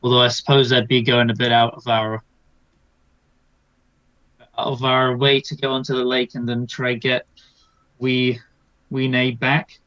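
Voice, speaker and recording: A man's voice: mid-range voice, flat delivery, measured pace, long pauses, fairly bright tone. A man playing a tabletop game in character, reasoning aloud in a thoughtful way. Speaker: player. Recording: dull, dry lo-fi audio.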